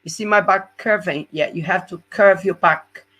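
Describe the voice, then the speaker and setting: Husky-voiced male fitness coach with non-native English, walking through exercises step by step in a live webinar and checking in often. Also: high voice, moderate pace, pushed and bright.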